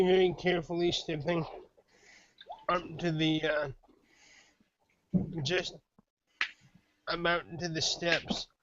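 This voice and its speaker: Slow, high-voiced man narrating a game. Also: lo-fi sound, a little hiss or hum. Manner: halting, with many ums. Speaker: game master.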